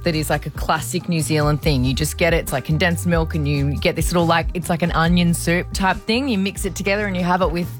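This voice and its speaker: A woman's voice: on the low side, fairly even intonation, quick pace, few pauses, faint music behind. Chatty Australian female radio host. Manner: chatty, gushing. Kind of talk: breakfast radio banter with callers.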